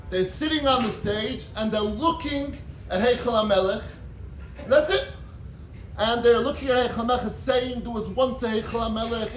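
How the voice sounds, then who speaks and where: A man giving a rabbinic talk. He tells a Hasidic story in an animated way, with sudden shouts and quick asides. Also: extremely high pitch, slight background noise. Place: gathering in a large room. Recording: echoey room, mic at a distance.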